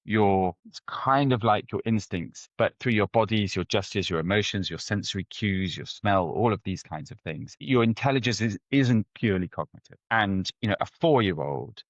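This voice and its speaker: A man, a guest anthropologist, answering interview questions in a conversational, animated storytelling way with frequent restarts. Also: on the low side, moderate pace, no echo, muffled recording. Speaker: head of ethnography, guest.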